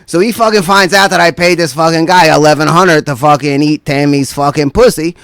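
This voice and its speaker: Guy doing standup, kinda high voice, super sweary rambling story, keeps going "right?", dry mic. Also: normal speed, hardly any pauses, a bit bright, no room sound. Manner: rambling, profane storytelling with constant "right?" asides. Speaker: guest comedian. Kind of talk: stand-up comedy routine.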